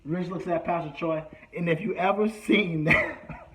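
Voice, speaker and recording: A man with a fairly high voice tells a story from his own life. He is lively, acting out the people he quotes with sudden shouts and hushed asides. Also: unhurried. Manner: acts out quotes, shouting and whispering. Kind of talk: animated storytelling.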